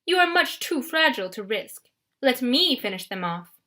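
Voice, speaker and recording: A woman's voice: high-pitched, big pitch swings, moderate pace, sharp tone, heavily acted. A woman voicing a cruel, scheming male villain with a French accent in an audiobook, fawning and sneering.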